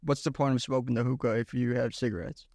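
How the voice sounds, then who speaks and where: A man's voice: medium pitch, steady tone, fast talker, a little mellow, no room sound, clean studio sound. A young man co-hosting a casual podcast, telling stories in a laid-back way and calling his friend bro. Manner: laid-back storytelling, says "bro" and "dude". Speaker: podcast co-host. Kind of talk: casual chat.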